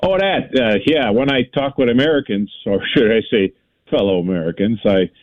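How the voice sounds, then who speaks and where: An actor playing a chatty pope with a Chicago accent who keeps drifting off topic, calling in to an interview. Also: male voice, medium pitch, moderate pace, no room sound, lightly acted. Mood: folksy. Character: chatty pope, folksy baseball-obsessed Chicagoan. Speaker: interview guest on the phone. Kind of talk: comedic phone-in interview sketch. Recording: tinny phone line.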